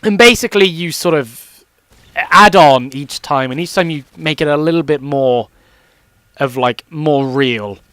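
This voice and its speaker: A man's voice: mid-range voice, fairly bright tone, dry recording. A young man rambling casually and swearing freely as he commentates over his gameplay. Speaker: gaming commentator.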